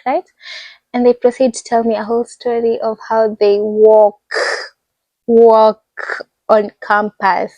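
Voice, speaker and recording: Animated young Kenyan woman, slightly high voice. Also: unhurried, no room sound, highs cut off. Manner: animated, acts out the people she describes. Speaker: international student vlogger. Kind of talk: casual storytelling vlog.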